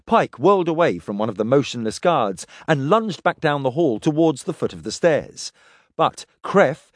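A man narrating an audiobook with a lively, swinging delivery. His voice sits mid-range, and the sound is dry and close. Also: medium pitch, dry recording. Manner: expressive, voices characters.

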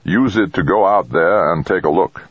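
A man's voice: low voice, normal speed, husky, dry recording, voice pushed up. A man reading an audiobook, voicing a domineering older businessman with a dismissive manner. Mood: blunt. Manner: dismissive, commercial-minded. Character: older male tycoon, blunt and domineering. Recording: dull dry lo-fi recording.

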